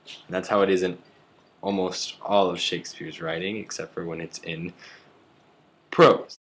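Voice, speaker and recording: A man's voice: deep voice, fairly even intonation, a little slow, pauses often, husky. A man explaining verse rhythm carefully and reading lines aloud as an example. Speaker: student presenter.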